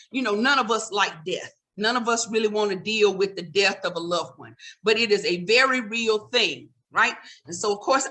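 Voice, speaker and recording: A woman's voice: a little high, bright, forceful tone. A middle-aged woman doing a stand-up comedy routine, scolding the audience in a sassy, conversational way.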